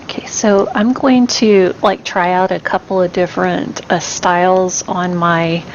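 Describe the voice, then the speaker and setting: A woman's voice: fairly low pitch, steady tone, a little slow. A woman playing in a tabletop game, chatting casually and a little hesitantly. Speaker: player. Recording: dull lo-fi with faint noise.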